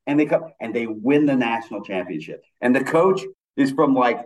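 On a low-quality recording, an older film director speaks briskly in a mid-range voice. He's relaxed in conversation for an interview, telling stories with animated enthusiasm.

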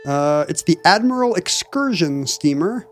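A man co-hosting a podcast, riffing quickly and wryly in casual chat. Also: fairly high pitch, lively intonation, faint music behind. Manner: quick, wry, talkative riffing. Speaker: podcast co-host.

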